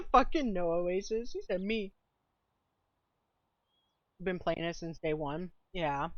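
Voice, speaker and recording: A woman's voice: lowish voice, lively intonation, takes it slowly, no echo, highs cut off. A woman streamer chatting casually with viewers while playing a game, laid-back and swearing freely, sometimes eating as she talks. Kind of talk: casual gaming stream chat.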